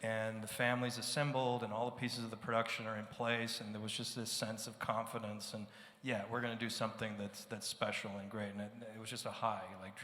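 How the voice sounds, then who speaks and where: Man, lowish pitch, bright tone; reflective panelist, echoey hall. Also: little pitch movement, fairly quick. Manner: reflective storytelling, many fillers. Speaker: show producer on a panel. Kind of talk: casual panel chat. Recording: echoey hall, live event.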